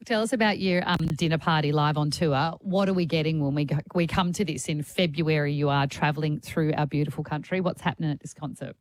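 Chatty Australian woman, low voice. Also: brisk, few pauses. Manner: chatty, warm curiosity, laughs along. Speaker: radio co-host. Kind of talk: drive-time radio chat.

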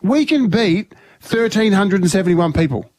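A man's voice: sits high, lively intonation, normal speed, darkish tone, dry recording. A middle-aged Australian man co-hosting breakfast radio, telling rambling stories and laughing at himself. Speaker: radio co-host.

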